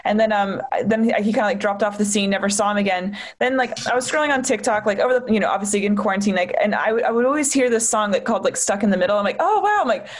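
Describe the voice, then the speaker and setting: A woman's voice: medium pitch, racing, hardly any pauses. A woman stand-up comedian chatting casually as a podcast guest, telling stories in a rambling way full of fillers and swearing. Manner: rambling, filler-heavy storytelling with frequent swearing.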